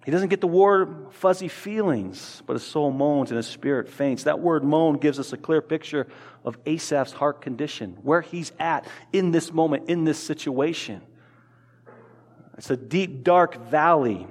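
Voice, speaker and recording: A man's voice: fairly high pitch, a little slow, big-room sound. A man preaching a sermon as pastor, earnest, often repeating words as he builds toward his point. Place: church sanctuary.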